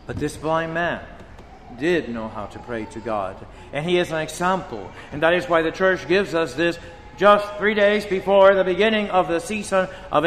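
A priest preaches in a slow, deliberate cadence, his voice sitting a bit high for a man. He leans into quoted lines with dramatic emphasis. The sound carries a long reverb off the church walls, with a faint hum of ambience behind it. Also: a bit bright. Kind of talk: sermon. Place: church shrine.

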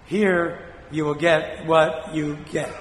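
An older man from Spain, a priest preaching a sermon in a blunt, scolding way with dramatic pauses, his voice still weak after a fall. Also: a little high, fairly even intonation, slight background noise. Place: church. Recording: echoey hall from a distance.

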